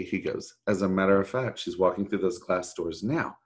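A man's voice: low voice, moderate pace, husky. Rambling man telling stories. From Texas. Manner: animated, rambling storyteller who acts out quoted voices. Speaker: voice actor guest. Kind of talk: storytelling anecdote.

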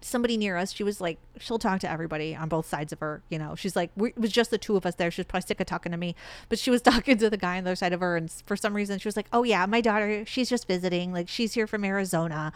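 A woman's voice: fairly low pitch, rapid-fire, clean tone, no echo. A woman in her thirties with a light Midwest American accent, telling stories in casual podcast chat and laughing often. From Michigan. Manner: chatty, laughs often, repeats words with 'like'. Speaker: podcast co-host.

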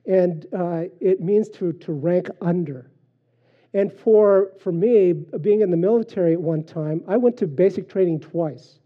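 A man preaching a sermon in a relaxed, conversational way, with frequent fillers and personal stories. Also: high-pitched, measured pace. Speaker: pastor. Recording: dull lo-fi sermon recording.

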